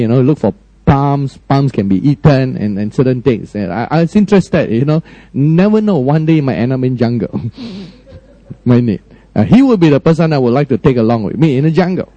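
A man preaching a sermon emphatically, often questioning his listeners and swinging between high, raised lines and low, quiet ones. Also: dry recording, highs cut off. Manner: frequent direct questions to the congregation.

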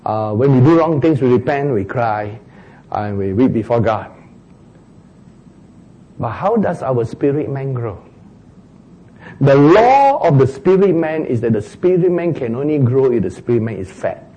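Male preacher, animated sermon delivery, husky and mellow tone. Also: mid-range voice, unhurried, pauses often, highs cut off. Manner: animated, mimics crying sounds for humor.

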